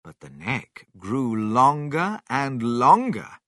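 A man reading a children's story aloud with slow, expressive narration. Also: medium pitch, no echo, clean studio sound.

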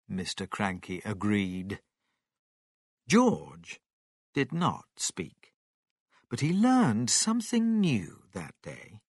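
A man reading a children's story aloud in an expressive storytelling manner. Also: lowish voice, drawn-out words, pauses often, breathy edge, no echo, clean studio sound.

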